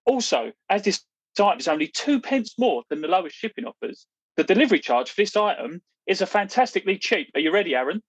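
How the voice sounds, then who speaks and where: A man co-hosting a podcast, reading a mock advert in salesman patter with deadpan sarcasm. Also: high voice, fast, no room sound, low-quality recording. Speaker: podcast co-host.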